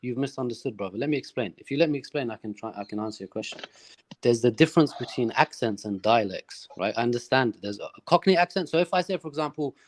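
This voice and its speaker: Hesitant man explaining slowly. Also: mid-range voice, expressive. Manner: hesitant, explaining with many fillers. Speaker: caller debating religion. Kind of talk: live debate on a call.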